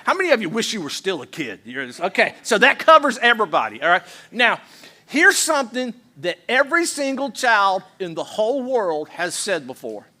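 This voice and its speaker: Man, pastor, animated sermon, high bright voice, banter with congregation. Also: moderate pace. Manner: lively, playful, leads call-and-response with the congregation. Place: church sanctuary.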